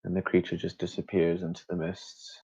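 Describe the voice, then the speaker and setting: Man, game master, deep low voice, measured hushed narration, dull lo-fi recording. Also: monotone, vocal fry, breathy edge.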